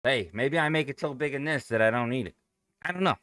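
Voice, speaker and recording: A man's voice: medium pitch, fast talker, fairly bright tone, no room sound, studio quality. A young adult man chatting casually and loosely on a live stream, swearing freely and reading out viewer comments. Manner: loose and profane, thinking aloud. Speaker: day trading streamer.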